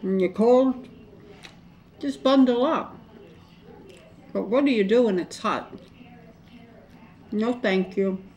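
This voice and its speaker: A woman's voice: fairly high pitch, takes it slowly, long pauses, darkish tone. A middle-aged woman chatting casually to camera during a mukbang, rambling and folksy. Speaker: mukbang vlogger. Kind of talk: casual chat to camera while eating.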